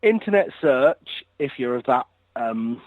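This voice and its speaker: Lively dry-voiced man. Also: mid-range voice, a little slow, dry recording, phone-quality sound. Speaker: podcast co-host. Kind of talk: casual podcast chat.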